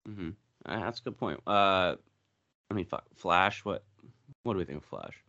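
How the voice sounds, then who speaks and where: A very low-voiced man hosts a podcast in a relaxed, casual way, leading the talk and handing questions to his guest. His voice sounds dry and close, with a dull, lo-fi tone. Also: normal speed, dry recording. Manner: laid-back, leads the segment and hands off questions. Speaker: podcast host. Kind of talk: casual chat.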